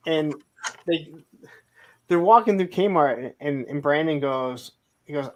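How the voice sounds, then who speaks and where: A man's voice: fairly high pitch, slow, long pauses, a little hiss or hum. A man co-hosting a casual live stream, telling long rambling anecdotes, acting out other people's lines and laughing often. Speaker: co-host of a toy live stream. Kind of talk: casual storytelling chat. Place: home setup on a live stream. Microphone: streaming mic.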